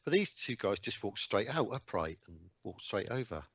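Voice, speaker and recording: A man in his sixties from England, a radio guest recounting old memories casually, with lots of ums and mounting excitement. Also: fairly low pitch, normal speed, husky, dry recording. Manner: animated anecdotes, rising excitement, frequent ums. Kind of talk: casual storytelling interview.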